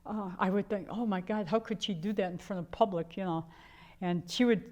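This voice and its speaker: A woman's voice: mid-range voice, fairly even intonation, fairly quick, mellow. An older woman from the Chicago area telling her own life story in a candid, rambling way, full of fillers and restarts. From Chicago area, USA. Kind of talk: personal storytelling.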